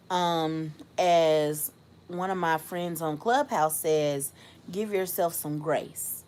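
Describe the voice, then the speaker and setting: A young woman hosts a casual livestream, speaking at a slow, unhurried pace. She turns reflective between bursts of laughter and thanks her viewers by name. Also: fairly low pitch. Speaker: host.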